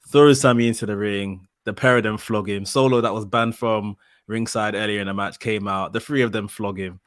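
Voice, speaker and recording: A man on a podcast, recapping events at length in a steady, explanatory way. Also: fairly low pitch, fairly quick, dry recording, clean studio sound. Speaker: podcast co-host. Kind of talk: casual podcast analysis.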